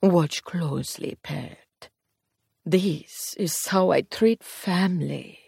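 A woman voicing a cruel, sneering male demon in an audiobook, with a low, breathy, menacing drawl. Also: no echo, studio quality, exaggerated voice. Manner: slow, taunting drawl with soft hissed words. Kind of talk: audiobook character voice.

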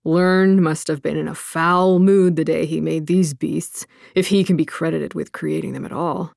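A woman reading an audiobook voices a blunt, dismissive male mountain guide in a slightly lowered voice. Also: fairly even intonation, moderate pace, creaky, darkish tone, no echo, clean studio sound. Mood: grave.

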